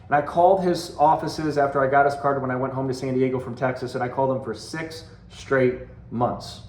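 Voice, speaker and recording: A man's voice: mid-range voice, fairly even intonation, brisk, a little mellow. A man in his forties giving a motivational talk as a sales team leader, earnest and conversational, repeating phrases for emphasis. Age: 40s. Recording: roomy echo.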